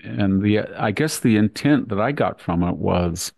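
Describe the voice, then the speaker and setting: A man giving measured, deliberate commentary as a podcast host. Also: fairly low pitch, expressive, vocal fry, darkish tone, no echo. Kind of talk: conversational commentary.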